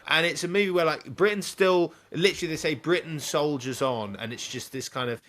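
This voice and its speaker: A man's voice: on the high side, fairly quick, a bit bright. Chatty man hosting a podcast. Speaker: podcast host. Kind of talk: casual film discussion.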